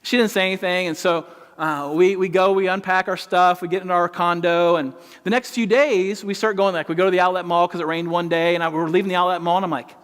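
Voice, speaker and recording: A middle-aged man preaching an animated sermon, with a high voice for a man. His words ring out with long reverb from a large church hall. He tells stories with lively rises and quiet drops. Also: quick pace, smooth. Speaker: pastor.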